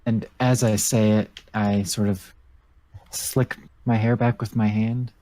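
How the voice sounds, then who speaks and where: A man playing a tabletop game, calmly describing his character's actions. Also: on the low side, slow. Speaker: player.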